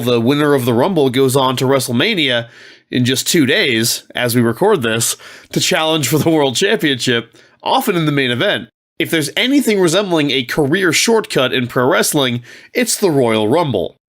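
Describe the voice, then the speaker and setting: A man hosting a podcast, narrating the game and explaining rules in a measured way. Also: a little high. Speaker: host.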